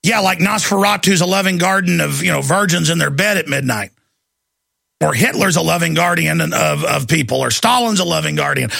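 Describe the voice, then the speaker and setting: A man with a high, gravelly voice rants through a fiery talk-show monologue. His tone is forceful and tense, often breaking into shouts. The sound is dry and close, with no room echo. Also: a little fast. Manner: ranting, fiery delivery with bursts of shouting. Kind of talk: heated monologue.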